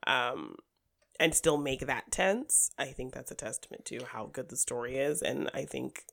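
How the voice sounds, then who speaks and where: A podcast co-host in a casual film chat who speaks in an upbeat, animated way and laughs often. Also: medium pitch, unhurried, gravelly.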